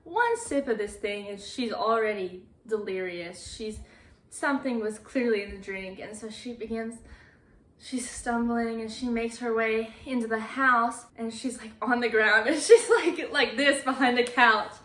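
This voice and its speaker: A woman's voice: on the high side, measured pace. Chatty young woman in an echoey room. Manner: chatty, laughs often, quotes characters in hushed voices. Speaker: movie recap vlogger. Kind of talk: casual movie recap.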